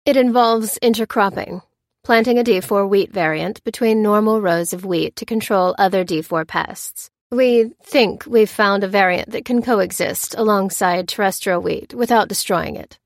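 A woman's voice: mid-range voice, normal speed, no room sound, studio quality, natural voice. A woman voicing a polite, somewhat hesitant female botanist and officer. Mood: earnest.

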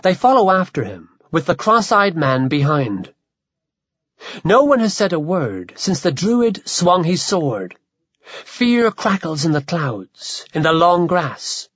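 Lively male audiobook narrator. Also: on the high side, breathy edge, no echo. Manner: vivid, measured storytelling. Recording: dull, dry lo-fi.

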